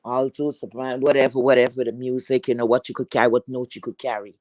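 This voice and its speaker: A woman with a deep, heavy voice telling a personal story in a chatty, rambling way, full of fillers. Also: flat delivery, fast talker, darkish tone, no echo, poor audio.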